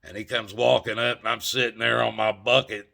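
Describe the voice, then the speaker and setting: Gravelly man telling a story. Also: mid-range voice, level tone, fairly quick, sharp tone. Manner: folksy, emphatic, addresses viewers as folks. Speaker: channel host. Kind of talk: casual storytelling.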